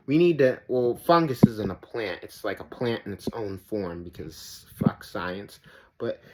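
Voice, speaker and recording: A man with a low-leaning voice and measured pace delivers ranting reaction commentary as a video host. He sounds exasperated and profane, wanders off on tangents, and says "like" constantly, with steady noise in the background.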